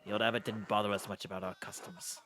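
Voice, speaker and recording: A man voicing a superstitious, grumbling old male villager in a game, crude and gruff in his talk. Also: lowish voice, fairly even intonation, fast talker, fairly bright tone, a little hiss or hum, close to an everyday voice.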